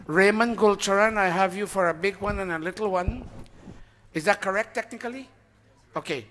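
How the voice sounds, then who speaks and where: At a temple hall, a man with a high, fairly bright voice reads donor names to the congregation at a moderate pace, with slight background noise in the reverberant space. His announcements are informal and chatty; he pauses to ask the audience and admits when he forgets a name.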